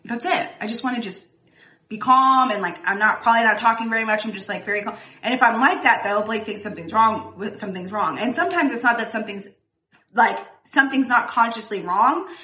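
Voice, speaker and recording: Woman, casual chat, laughing, restarts, tense bright tone, roomy echo. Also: on the high side, a little fast, recorded from a distance. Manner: chatty, laughs often, trails off and restarts. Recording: echoey room.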